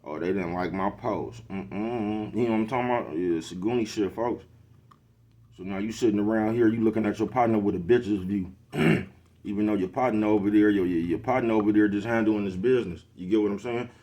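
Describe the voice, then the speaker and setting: This vlogger is a middle-aged man on his own show, his lowish voice mellow and brisk. Laid-back and full of slang, he rants casually at the camera and keeps checking if you know what he means.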